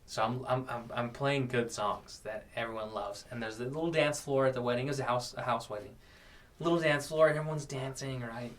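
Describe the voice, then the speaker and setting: A young man co-hosting a podcast, telling a story in an animated, excitable way, saying "dude" a lot and swinging from loud to soft. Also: mid-range voice, brisk. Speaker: podcast co-host. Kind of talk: casual storytelling chat.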